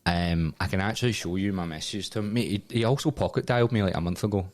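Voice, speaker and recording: Deep-voiced Scottish man in his twenties. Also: fast talker. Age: 20s. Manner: swearing, animated storyteller who laughs at his own tale. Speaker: podcast co-host. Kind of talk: casual storytelling chat.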